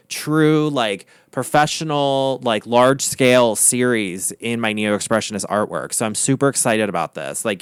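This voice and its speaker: Casting: chatty, gossipy man, cursing freely, smooth resonant voice, dry close sound. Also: medium pitch, dry recording. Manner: chatty and profane, gossipy, animated asides. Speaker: vlogger, artist. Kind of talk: casual chat. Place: home art studio.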